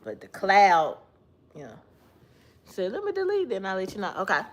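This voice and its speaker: Woman streamer, sleepy chatty delivery with frequent laughs, animated pitch. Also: moderate pace, slight background noise. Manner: laughs often, chatty, talks to someone off-mic. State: sleepy, yawning. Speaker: livestream host. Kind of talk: casual chat.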